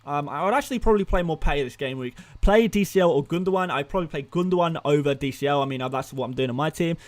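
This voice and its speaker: A man's voice: fairly high pitch, fast. A young man hosting a live stream, firing off answers to chat questions with frequent restarts and repeated words. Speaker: fantasy football streamer.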